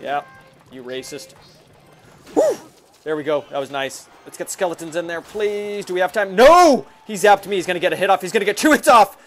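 A man giving excited, fast commentary while playing a mobile game, reacting loudly to every move. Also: high voice. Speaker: gaming YouTuber. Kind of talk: excited live gameplay commentary.

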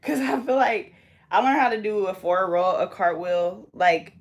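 A woman's voice: medium pitch, moderate pace. A young woman with a Bay Area accent, hosting a casual braiding vlog and chatting in a laid-back, slangy, teasing way. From California. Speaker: hair braider and vlog host. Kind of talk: casual chat while braiding.

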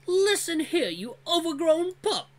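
A storyteller voicing Dran, an angry, pompous male wolf elder who shouts insults. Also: sits high, wildly swooping pitch, takes it slowly, very noisy, pitched above the performer's own voice, heavily acted. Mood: outraged. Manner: shouting, indignant.

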